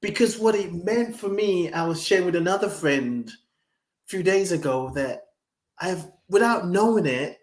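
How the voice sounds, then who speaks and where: A man guest talking reflectively in a conversation, expressive and animated, slipping into emotional stories. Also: high-pitched, measured pace, reverberant.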